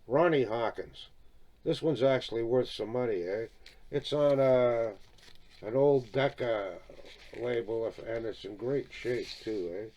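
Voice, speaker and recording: A man's voice: mid-range voice, unhurried, mellow, lo-fi sound. Chatty man rambling about records. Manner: rambling, chatty, peppered with "eh?" and "right?", chuckles often. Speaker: record collector showing his albums. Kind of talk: casual video chat about vinyl records.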